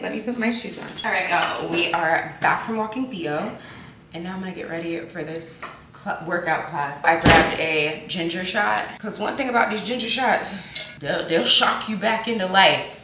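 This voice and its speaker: A woman's voice: lowish voice, moderate pace. A tired woman chatting casually to her viewers in a vlog, candid and talkative. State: sleepy and tired. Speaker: vlogger. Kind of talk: casual vlog talk to camera. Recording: roomy echo, faint background noise.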